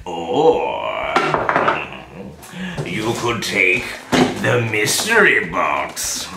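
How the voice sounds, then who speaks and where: A man voicing a pompous, bumbling courtroom judge who booms his rulings. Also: wildly swooping pitch, extremely slow, vocal fry, echoey room, heavy background noise, heavily acted. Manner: booming, gavel-like repeated calls for order.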